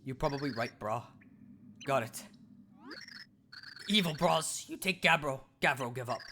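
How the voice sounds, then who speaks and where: A man's voice: medium pitch, animated, unhurried, bright, forceful tone, slight background noise, pitched below the performer's own voice. A man reading a loyal cave creature from a video game that speaks in broken, slangy sentences. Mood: earnest. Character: simple-talking cave creature, gruff and loyal.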